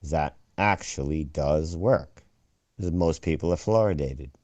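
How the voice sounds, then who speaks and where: A man hosting a profane conspiracy chat show, ranting and swearing, now and then shouting mockery. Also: rumbling low, measured pace, no echo. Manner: ranting, swears a lot, swings loud and mocking.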